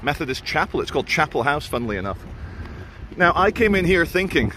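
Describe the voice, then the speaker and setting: A man's voice: fairly high pitch, sing-song, quick pace, a bit bright, a little hiss or hum. Chatty northern man filming outdoors. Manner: chatty, sarcastic and opinionated. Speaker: vlogger filming a walk. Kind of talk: walking vlog narration. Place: outdoors on suburban streets.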